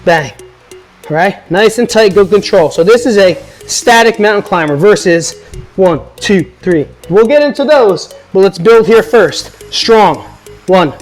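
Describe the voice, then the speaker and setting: Male fitness coach, high voice, upbeat and joking. Home workout tutorial, faint music behind. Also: lively intonation, unhurried, rough recording.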